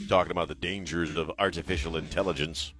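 A man's voice: sits low, fairly even intonation, fast, a bit bright, soft background music. A middle-aged man hosting a talk radio show, stammering and repeating words as he riffs. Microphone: studio microphone.

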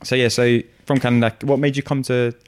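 A man's voice: mid-range voice, little pitch movement, a little hiss or hum. Teasing podcast host, man. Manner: teasing, laughing easily, quick banter. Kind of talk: casual podcast interview.

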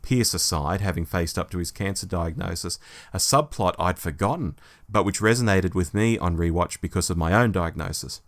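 A man co-hosts a casual podcast, reading out listener emails with animated expression. His voice sits fairly low. He sounds relaxed and conversational between emails. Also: moderate pace. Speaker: podcast co-host.

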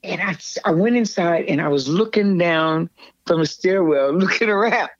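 An older woman, a guest in an interview, recounting a memory in a rambling, animated way, often restarting her sentences. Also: lowish voice, moderate pace, no echo. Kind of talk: storytelling in a conversational interview. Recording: slightly dull, dry sound.

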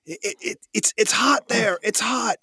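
A man's voice: sits high, animated, moderate pace, fairly bright tone, no echo, studio quality, voice pushed up, heavily acted. A man voicing a defiant, ruthless woman commander in a tabletop game, barking clipped, urgent orders. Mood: commanding.

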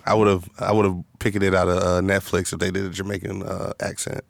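A man co-hosting a casual chat, relaxed and laughing often, thinking aloud as he talks. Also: low-pitched, a little fast, vocal fry, no echo.

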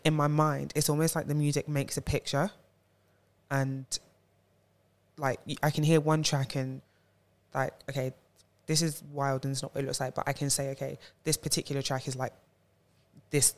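A woman's voice: a bass voice, flat delivery, normal speed, long pauses. A woman co-hosting a casual podcast chat, groping for words and saying "like" a lot. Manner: searching for words, many "like" fillers. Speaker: podcast co-host.

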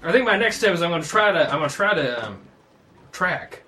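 Halting man player at a game table. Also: fairly high pitch, very animated, sharp tone.

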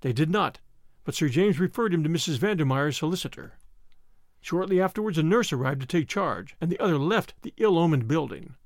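A man narrating an audiobook in an expressive, clear storytelling manner. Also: a little high, brisk, dry recording, studio quality.

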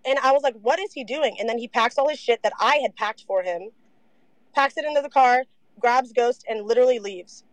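A young woman telling her story in a casual interview, animated, saying "like" a lot and swearing freely. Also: a little high, fairly quick, dry recording, rough recording.

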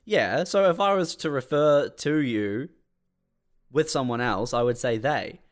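A man with a mid-pitched voice co-hosting a casual comedy podcast. He talks in a dry, measured way and spells things out with pedantic care. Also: lively intonation.

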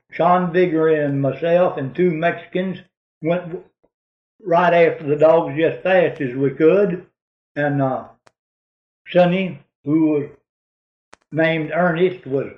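A man with a drawl tells a long hunting yarn in a rambling, folksy way. His voice sits a little high for a man. The sound is dull and roomy, like an old tape recording. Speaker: storyteller.

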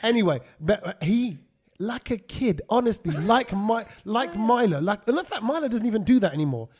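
A man hosting a casual podcast chat, telling an animated story and acting out his friends' lines. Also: sits high, fairly quick, breathy edge. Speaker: podcast host.

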